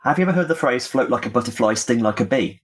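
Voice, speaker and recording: A man's voice: mid-range voice, lively intonation, quick pace, husky. A man playing an elderly woman who collects butterflies, speaking in a grand, flowery way in a tabletop game. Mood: effusive.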